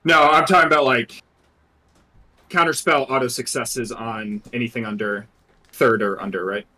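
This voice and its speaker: A man's voice: medium pitch, fairly even intonation, normal speed, pushed and bright. A man running a tabletop game as dungeon master, narrating loosely with many fillers and restarts.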